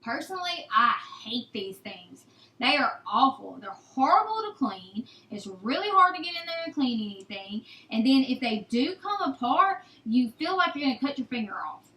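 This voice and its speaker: A woman's voice: high voice, big pitch swings, normal speed, bright, forceful tone, reverberant, rough recording. A young woman, chatting folksily through a how-to on raising chicks for her homestead channel, calling viewers "y'all" and "guys". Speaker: homesteading vlogger. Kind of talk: casual how-to talk.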